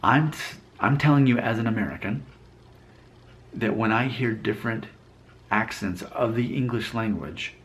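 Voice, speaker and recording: A man's voice: lowish voice, normal speed, a bit bright, a little hiss or hum. A man from Alabama talking casually to camera, rambling and self-deprecating as he thinks aloud. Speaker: vlogger. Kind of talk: casual talking-head commentary.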